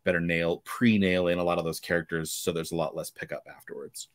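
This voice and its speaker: A man's voice: low voice, flat delivery, fairly quick. A man, an author co-hosting the podcast, explaining things in a casual, wry way. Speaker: author, co-host.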